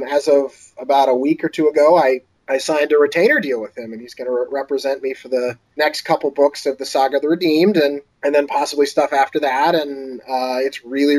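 A man, an author guest on an interview podcast, telling a story casually and acting out other people's lines in a lifted voice. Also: low-quality recording. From Boston area. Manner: animated, acts out quoted voices in a higher pitch.

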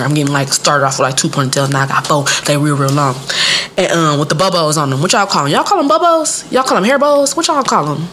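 A woman in her thirties spins a childhood story in a stand-up routine, her everyday voice sitting a little low. She is profane and playful, laughs at her own lines, and keeps jumping up into squeaky high voices to act out the people in the story. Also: a little hiss or hum. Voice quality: animated, acts out voices in high squeaky pitch.

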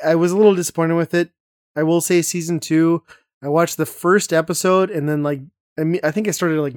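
A man's voice: fairly high pitch, dry recording, studio quality. A man hosting a casual podcast chat, talking enthusiastically and rambling with lots of fillers. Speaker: podcast host.

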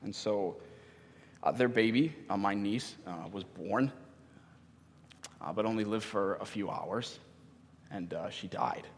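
A man in his thirties, a pastor giving a sermon in an earnest, halting way with many pauses. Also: on the low side, in a large hall, a little hiss or hum.

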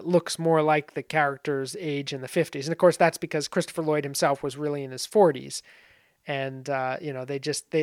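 A man's voice: fairly high pitch, no room sound, clean studio sound. A man casually talking through film comparisons, rambling with many fillers and asides. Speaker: film commentary host. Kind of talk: casual spoken film analysis.

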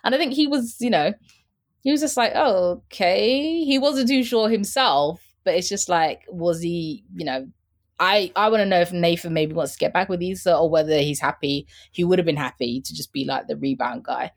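A woman with a lowish voice talks a little fast as a podcast guest and fashion insider. She chats casually about a TV show, laughing often and using plenty of fillers.

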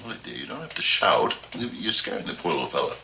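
An actor playing a soft-hearted giant monster father in a 1960s sitcom, speaking slowly and soothingly on a hissy old TV soundtrack. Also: low-pitched, big pitch swings, vocal fry, full character voice.

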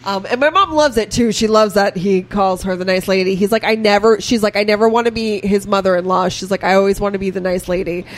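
A woman co-hosting a podcast, telling family stories in a relaxed way and laughing between lines. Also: mid-range voice, fast talker, hardly any pauses. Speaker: podcast co-host. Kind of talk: casual chat.

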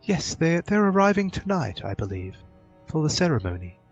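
A man's voice: a little high, very animated, normal speed, husky, dull audio, faint music behind, voice pushed up, heavily acted. A man doing a kindly old halfling mother.

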